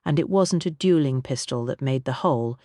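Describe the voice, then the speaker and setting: A woman narrating a mystery audiobook in an expressive storytelling manner, recorded on a close studio mic. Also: rumbling low, a little fast, dry recording.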